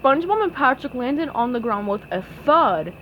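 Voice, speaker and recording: A woman reading a children's storybook aloud in an expressive way. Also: high voice, moderate pace, lo-fi sound, slight background noise. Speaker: storybook reader.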